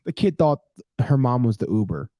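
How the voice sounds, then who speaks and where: A man's voice: medium pitch, normal speed, no room sound. A man in his thirties, a podcast co-host telling a long story in casual chat, acting out what people said and swearing freely. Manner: animated storyteller, acts out quotes, swears casually.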